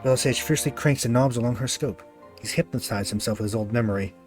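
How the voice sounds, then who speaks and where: A man's voice: medium pitch, fast, faint music behind. A man streaming a story game, who reads its text aloud and adds casual, self-deprecating asides.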